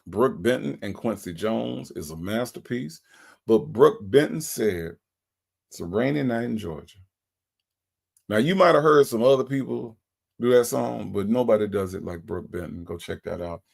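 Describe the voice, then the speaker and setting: A man's voice: fairly low pitch, expressive, moderate pace, gravelly, husky. A man hosting a casual livestream, greeting viewers by name in a folksy, chatty way. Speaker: livestream host.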